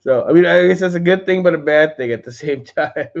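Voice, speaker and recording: A livestream host with a higher, gravelly voice talks at a moderate pace from his home setup. He's loose and chatty, calls viewers by name, and says "dude" a lot, all captured in slightly dull lo-fi audio.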